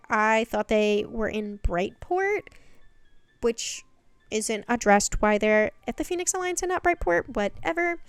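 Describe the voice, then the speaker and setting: A woman's voice: on the high side, clean tone, no echo. Sarcastic young woman recapping a series. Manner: sarcastic, chatty, quick asides. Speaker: recap vlogger. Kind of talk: casual recap commentary.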